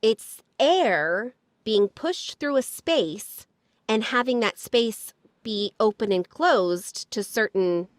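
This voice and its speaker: Mulher animada apresentando podcast. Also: female voice, on the high side, expressive, slow, dry recording, clean studio sound. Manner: upbeat, encouraging, many fillers. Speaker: podcast host. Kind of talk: casual chat.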